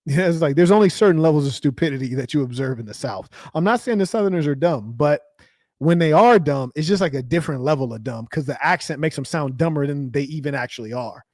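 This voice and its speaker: A man's voice: fairly high pitch, animated, fast, darkish tone, dry recording, studio quality. A man hosting a casual reaction commentary, joking and mocking, often laughing. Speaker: host reacting to a clip.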